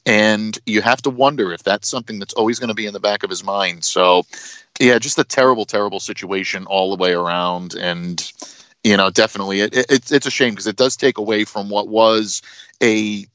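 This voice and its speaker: A man co-hosting a sports podcast, talking it through in a measured way with fillers. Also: on the low side, fairly bright tone, dry recording. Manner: measured, thinking aloud with fillers. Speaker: podcast co-host. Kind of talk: casual sports talk. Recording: dry, dull lo-fi sound.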